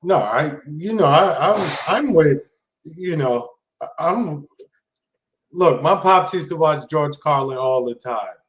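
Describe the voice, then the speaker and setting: A man co-hosting a political talk show, speaking haltingly with many fillers and restarts. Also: fairly high pitch, animated, rough recording. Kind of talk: casual political chat.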